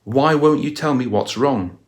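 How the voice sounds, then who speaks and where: A man's voice: mid-range voice, measured pace, natural voice. A man reading the lines of a bystander who keeps pressing another man to explain himself. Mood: insistent. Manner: insistent, pressing questions. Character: curious bystander growing desperate for an answer.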